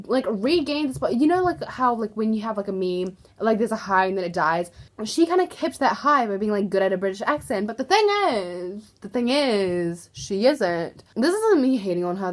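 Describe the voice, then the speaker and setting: A young woman YouTuber gossiping casually to camera, chatty and filler-heavy, with exasperated asides. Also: medium pitch.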